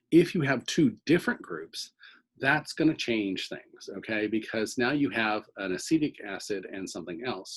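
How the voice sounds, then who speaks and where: A man's voice: lowish voice, breathy edge, poor audio. A man teaching organic chemistry in a recorded lecture, explaining step by step and often checking in with "okay?".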